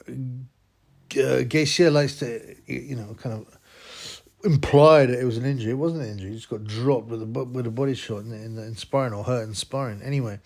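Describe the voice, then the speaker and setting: Man, casual boxing rant, crude and mocking, rambling, mid-pitched voice. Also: darkish tone. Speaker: boxing commentator.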